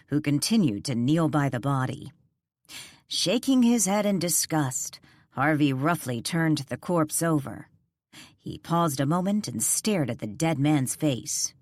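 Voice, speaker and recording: A woman narrating a ghost mystery audiobook in a measured, suspenseful way on a close studio mic. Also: sits low, darkish tone, no room sound. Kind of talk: scripted narration.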